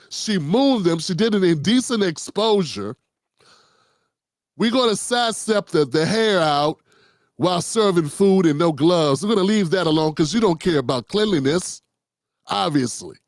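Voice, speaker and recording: A man with a high voice hosts a political commentary show, speaking off the cuff in a blunt, profane, rambling manner with many restarts. The recording is clean studio sound with no echo.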